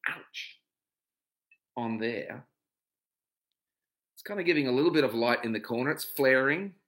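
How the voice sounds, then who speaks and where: A man's voice: medium pitch, a bit bright. A middle-aged man hosting his own livestream, chatting casually and greeting viewers one by one by name.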